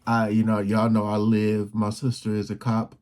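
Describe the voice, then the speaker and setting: A man hosting a reaction video, making relaxed, chatty comments in casual talk. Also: on the low side, moderate pace.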